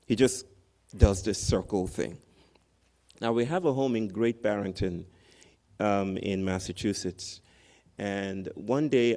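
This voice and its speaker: A man's voice: fairly low pitch, dark tone. A man giving a commencement speech, telling a story animatedly and often tagging his sentences with "right?". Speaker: commencement speaker. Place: large tent outdoors at a ceremony.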